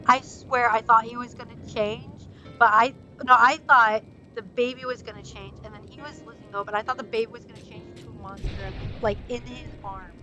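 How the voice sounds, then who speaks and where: A woman's voice: fairly high pitch, moderate pace, bright, forceful tone, faint music behind, low-quality recording. A woman hosting a let's play, giving emotional, exclamatory commentary and reading the dialogue aloud. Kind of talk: casual gameplay commentary.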